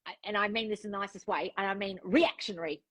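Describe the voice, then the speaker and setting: A woman's voice: mid-range voice, quick pace, a bit bright, no echo, low-quality recording. A woman coaching a client one-on-one, frank and direct, giving instructions and acting out the thoughts she wants the client to have. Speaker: relationship and manifestation coach.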